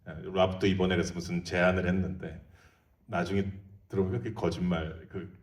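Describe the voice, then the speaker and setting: Middle-aged man, Korean accent, very low voice, very rapid speech, echoey theater hall, distant mic. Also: level tone. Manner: rapid, laughing, halting restarts in English. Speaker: film director. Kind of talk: Q&A answers mixing Korean and English.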